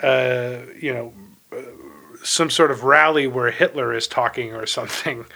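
A man chats on a podcast, telling a road story in a loose, rambling way. His voice is bright and forward, and his sentences keep doubling back on themselves. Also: medium pitch, normal speed, creaky. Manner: rambling, many fillers and restarts.

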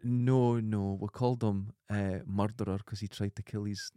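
A man's voice: on the low side, fairly even intonation, moderate pace, dark tone, clear, resonant tone, no echo. Chatty Scottish man, dry close sound. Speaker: podcast co-host. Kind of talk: casual chat.

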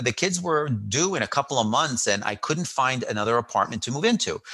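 A middle-aged man telling a story in a casual chat, animated, acting out quotes and often restarting his sentences. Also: mid-range voice, breathy edge. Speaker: guest.

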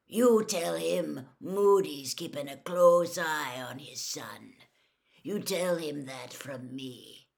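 A woman voicing a gruff, menacing old male wizard in a storybook reading, with a low, gravelly, growling delivery. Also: full character voice. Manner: blunt, growling threats, drawn-out stress.

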